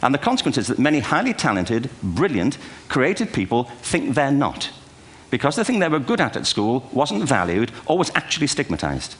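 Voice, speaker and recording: A man's voice: mid-range voice, big pitch swings, fairly quick, hardly any pauses. An older man giving a humorous keynote lecture to a live audience, full of wry, self-deprecating anecdotes and asides. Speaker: speaker giving a talk. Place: large auditorium before a live audience.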